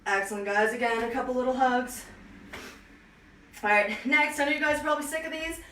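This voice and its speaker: High-voiced, winded woman fitness instructor. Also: a little fast, a bit bright, a little hiss or hum. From Canada. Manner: upbeat, counting reps and cueing moves. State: out of breath. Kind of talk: live online workout class. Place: small room at home. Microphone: camera at a distance. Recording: echoey room, voice far from mic.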